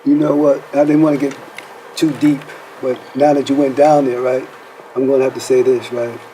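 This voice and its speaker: A man's voice: medium pitch, level tone, moderate pace, dark tone, a little hiss or hum, poor audio. A man hosting a faith-based counseling talk show, asking rhetorical questions and checking in with "right?" as he speaks. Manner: preacherly, rhetorical questions, says "right?" often.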